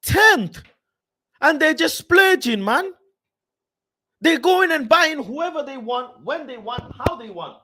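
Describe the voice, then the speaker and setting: A young man rants through a casual live stream from his room at home, frustrated and swearing. His voice sits fairly high and swings all over the place, rising and dropping as he talks. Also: lively intonation, slow, long pauses, pushed and bright, slight background noise. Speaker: football streamer.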